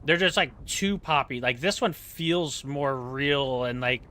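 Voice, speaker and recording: A man's voice: mid-range voice, unhurried, pushed and bright, slight background noise. A man streaming a game, chatting casually in a rambling, self-mocking, joking way. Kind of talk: casual chat while playing.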